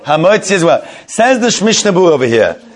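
High-voiced man teaching a text class. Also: fast. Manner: lively, questioning the class and praising answers. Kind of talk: reading a legal text aloud and translating it line by line.

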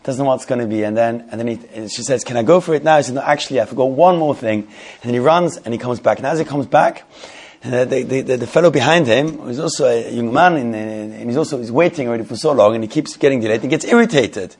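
A man teaching a Torah class who tells a story in a rapid, animated way, repeating himself and restarting his sentences often. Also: mid-range voice, slightly rough.

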